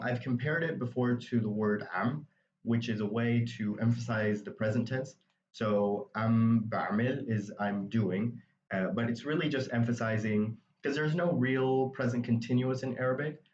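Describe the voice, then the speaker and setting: A man's voice: medium pitch, a little mellow. A man explaining vocabulary in a casual, rambling way, with many fillers. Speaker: Arabic teacher. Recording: roomy, distant and dull with faint noise.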